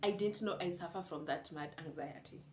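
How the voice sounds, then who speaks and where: A woman's voice: fairly low pitch, brisk. A young woman, talking candidly and confidingly to camera in a casual vlog from her home. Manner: candid, confiding, mixes in Swahili words. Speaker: vlogger. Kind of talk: casual reflective monologue. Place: room at home. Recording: echoey room with faint ambient noise.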